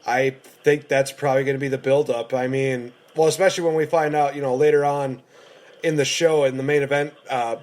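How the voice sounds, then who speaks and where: A man co-hosting a casual wrestling reaction show, chatting excitedly with bursts of laughter. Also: mid-range voice, fairly quick. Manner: excited, laughing, playful impressions. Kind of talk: casual chat.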